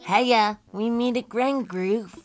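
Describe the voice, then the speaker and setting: A woman voicing a sporty, gym-loving male bear villager in a cartoon game, in a chummy, low voice. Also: slow pace.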